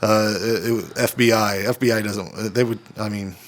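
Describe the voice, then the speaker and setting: A man's voice: on the low side, fairly even intonation, normal speed. A man co-hosting a casual podcast, telling a rambling story with lots of swearing and laughter. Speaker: podcast co-host.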